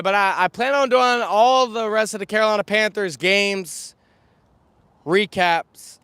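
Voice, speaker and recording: On the high side with a clean tone and no room sound, a young man's voice, recovering from slight scratchiness, delivers an energetic live sports recap. He stands outside a stadium on a windy day, talking chattily to a camera on a stand and listing stats.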